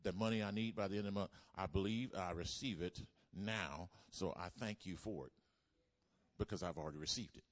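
A deep-voiced man preaches a little fast during a church service. He repeats key phrases emphatically and prompts the congregation to call back.

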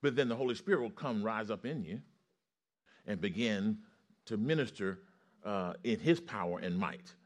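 A man preaching a sermon with call-and-response, his storytelling rising to loud excitement. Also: on the low side, normal speed.

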